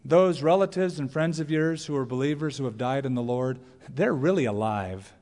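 A man preaching a sermon as pastor, animated, with playful asides and mock voices. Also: fairly high pitch, fairly quick. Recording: long church reverb.

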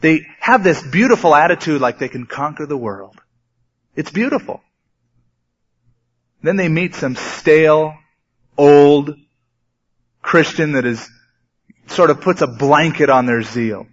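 A man delivers a sermon from the pulpit, speaking in a somewhat high voice. He talks conversationally and grows animated at times. The recording sounds dull and lo-fi. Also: measured pace, pauses often. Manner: conversational preaching, sometimes animated. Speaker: pastor.

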